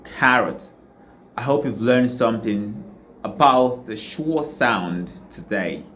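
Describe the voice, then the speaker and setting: Male pronunciation teacher, very slow and deliberate, mid-pitched, faint hiss behind. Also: expressive. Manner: carefully repeats each word twice.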